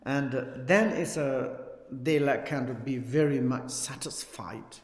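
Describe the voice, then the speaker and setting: Slow-speaking teacher in an echoey hall. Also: male voice, mid-range voice. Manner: halting non-native English, chuckles often, recites text in Tibetan. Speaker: Buddhist teacher. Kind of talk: Dharma teaching with chanted recitation. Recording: echoey hall with long reverb.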